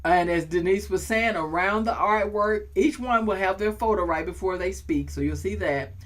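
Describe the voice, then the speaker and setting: At a moderate pace and medium pitch, a woman hosts a talk show, bantering playfully in casual chat. Her talk builds up to a preacher-like pattern of repetition.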